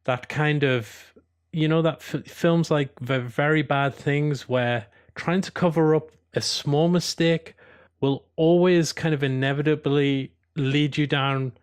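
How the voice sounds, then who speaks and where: A man's voice: a little high, steady tone, slow, smooth. Geordie man giving opinionated commentary. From Newcastle upon Tyne, England. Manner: opinionated, rambling with restarts, given to rants. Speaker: video host reviewing episodes. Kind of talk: casual commentary.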